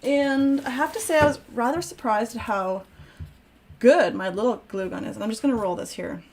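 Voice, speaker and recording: A woman's voice: fairly high pitch, moderate pace, darkish tone, a little hiss or hum. A woman hosting a live crafting stream, chatting casually and self-deprecatingly as she works aloud. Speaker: crafting host.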